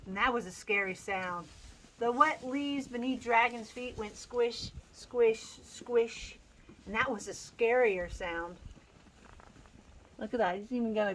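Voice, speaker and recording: A woman's voice: on the high side, unhurried, a bit bright, a little hiss or hum, rough recording. Playful woman reading aloud on a farm. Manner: laughs often, playful asides to animals. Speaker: farm host reading a picture book aloud. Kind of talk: casual read-aloud with chatty asides. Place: outdoors on a farm.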